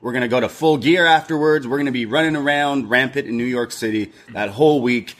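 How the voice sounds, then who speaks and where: A man's voice: mid-range voice, brisk, a bit bright. A man co-hosting a wrestling podcast, chatting casually and upbeat, with loose filler-laden talk. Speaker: podcast co-host. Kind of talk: casual chat.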